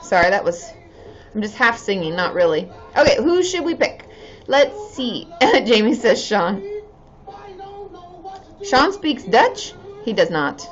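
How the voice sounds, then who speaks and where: A woman's voice: mid-range voice, very animated, slow pace, pauses often. A woman in her thirties, a therapist hosting a casual live stream, chatting with viewers in a bubbly way and cheering often. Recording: slightly dull sound with faint music behind.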